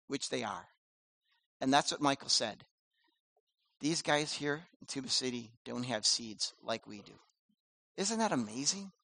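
A man preaching a sermon as pastor, animated and conversational, with casual slang. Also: on the high side, dry recording.

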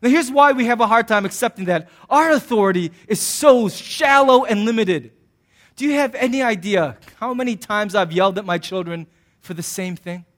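A middle-aged man, a pastor, preaching a sermon in an animated, joking way and acting out voices. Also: sits high, normal speed. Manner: animated, jokey, acts out voices.

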